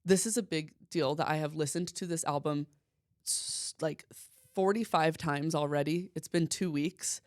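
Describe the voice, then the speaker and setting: Podcast host, woman, low voice, gushing casual chatter, dry close mic. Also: fairly even intonation, no room sound. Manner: gushing, chatty, quick asides. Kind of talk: casual chat.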